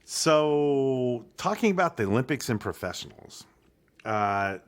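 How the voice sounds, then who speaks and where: A man co-hosting a casual sports talk podcast, talking in a halting way, full of "uh" and "I mean", and getting worked up over his opinions. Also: medium pitch, clear, resonant tone. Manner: animated, halting, with many fillers and restarts. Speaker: podcast co-host.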